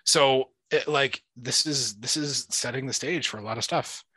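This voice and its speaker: A man's voice: medium pitch, normal speed, sharp tone, husky, dry recording. A man co-hosting a casual chat, rambling with lots of "like" and restarts. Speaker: podcast co-host.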